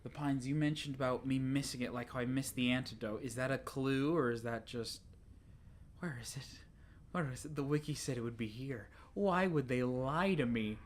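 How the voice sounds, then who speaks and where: An excitable let's play gamer chatters along as they play, talking to themself and getting exasperated. Their voice sits at a middling pitch. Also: moderate pace, slight background noise. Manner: talks to self, excitable, exasperated. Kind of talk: casual game commentary.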